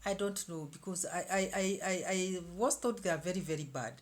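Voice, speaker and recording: A woman in her fifties talking casually to camera as a vlogger, animated, with many repeated words and restarts. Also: fairly low pitch, a little fast. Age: 50s.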